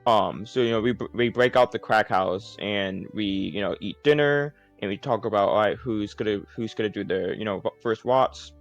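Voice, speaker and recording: A man's voice: on the low side, normal speed, hardly any pauses, soft background music. A man giving a casual, rambling recap of a tabletop game session, full of fillers and swearing. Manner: rambling, profane, lots of fillers.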